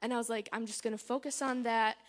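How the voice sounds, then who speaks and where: A woman's voice: on the high side, steady tone, fast. A woman giving a personal church testimony, chatty and candid, retelling events with lots of "I was like" and nervous fillers. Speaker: testimony speaker.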